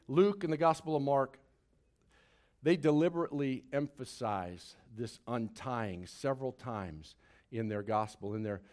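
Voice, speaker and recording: A man preaching a Sunday sermon to a congregation, swinging between loud, drawn-out emphasis and hushed lines, with playful asides. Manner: expressive preaching, big swings in loudness and pitch, drawn-out dramatic phrases. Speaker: pastor. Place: church service before a congregation.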